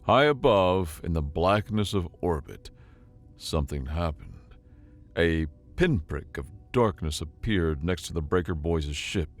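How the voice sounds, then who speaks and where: A man narrates a science-fiction tale in a scripted, dramatic storyteller's delivery. His voice is low and deep. It rises and falls widely with the action.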